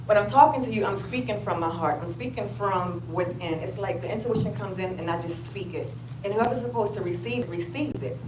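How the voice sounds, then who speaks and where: A woman speaking at a live event, excitable and chatty, swinging from loud outbursts to soft, heartfelt talk. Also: medium pitch. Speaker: attendee asking a question. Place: large event room with an audience. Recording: echoey room, noisy ambience.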